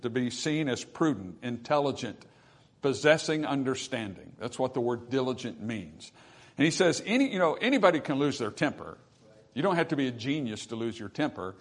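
A male pastor preaching a sermon in an earnest, conversational way, with emphatic bursts, scripture readings and calls of "Amen?" to the congregation. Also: medium pitch. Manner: reads scripture aloud and asks the congregation to finish verses.

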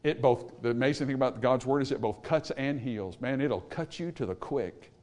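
Preaching to a congregation, this man alternates hushed, low-voiced stretches with loud, forceful ones and throws out rhetorical questions. He talks at a normal speed.

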